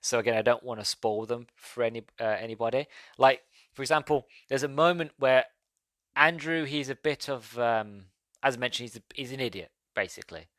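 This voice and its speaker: A young man talks into a podcast mic, with a bright, forceful edge to his voice. He rambles through a casual film review, backing up to correct himself and laughing at the scenes he describes. The sound is dry and close, with no room behind it. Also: medium pitch, fairly quick, dry recording. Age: young adult.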